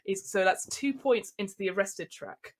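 A woman's voice: mid-range voice, moderate pace, heavy background noise. A woman running a comedic tabletop game as game master. She narrates in a chatty way, full of fillers and little laughs. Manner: chatty, giggly, many fillers.

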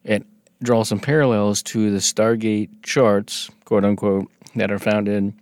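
A man with a fairly low voice talks through a casual podcast. He reads from notes in a halting way, keeps restarting his sentences and throws in jokes. His voice is close and dry. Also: level tone, a little mellow, no room sound. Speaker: podcast co-host. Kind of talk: casual conversational podcast chat.

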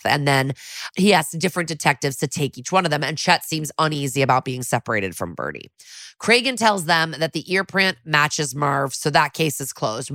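A woman with a notably low voice recaps a TV episode in a loose, chatty way and slips into quick voices for the characters. She is recorded close to the mic in a dry room. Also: fairly bright tone, dry recording. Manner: chatty, quotes characters in a few put-on voices. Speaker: podcast co-host.

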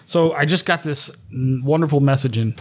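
A man's voice: on the high side, moderate pace, darkish tone. A man co-hosting a podcast, agreeing along and making sarcastic, profane remarks in casual banter. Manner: agreeable, sarcastic, reads listener messages aloud. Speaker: podcast co-host.

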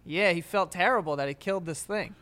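High-voiced young man telling stories. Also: a little fast. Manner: animated storyteller, laughs often, acts out his dad. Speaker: podcast co-host. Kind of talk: casual chat.

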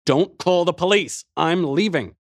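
A man voicing a desperate young man who shouts and pleads as he flees. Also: a little high, measured pace, no room sound, clean studio sound, voice pushed up. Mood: frantic.

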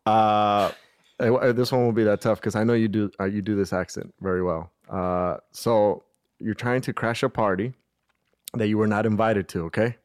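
A man's voice: on the low side, fairly even intonation, moderate pace, no echo, clean studio sound. A young man, a podcast co-host who lays out comedy scenarios at length in casual chat. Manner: explains scenarios at length, lots of like. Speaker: podcast co-host setting up challenges.

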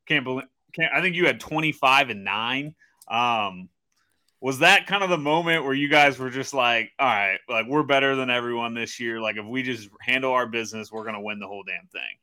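Bright-voiced male host, mid pitch, chatty and relaxed. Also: a little fast. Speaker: podcast host, interviewer. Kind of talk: casual interview.

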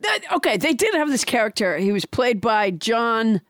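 A woman co-hosting a casual podcast, talking about a film in a halting way with many restarts. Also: a little high, very animated, a bit bright, no echo, studio quality. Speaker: podcast co-host. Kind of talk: casual movie discussion.

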